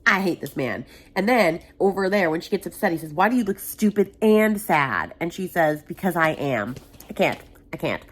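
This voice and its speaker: A woman's voice: on the low side, moderate pace, husky. Exasperated young woman ranting about a book. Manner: exasperated, animated, mocking quotes. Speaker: book vlogger. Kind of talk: casual reading vlog rant. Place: home hallway.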